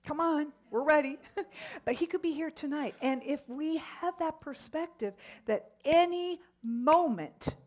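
Speaking slowly in a voice that sits high, a middle-aged woman tells stories from a Bible lesson. She's animated throughout, with exclamations coming frequently.

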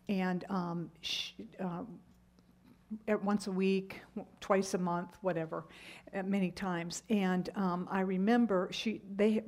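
A middle-aged woman leads a Bible study. She talks in a conversational, storytelling way, with fillers and asides along the way. Her voice sits at a medium pitch. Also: a little mellow. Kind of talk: Bible lesson with personal story.

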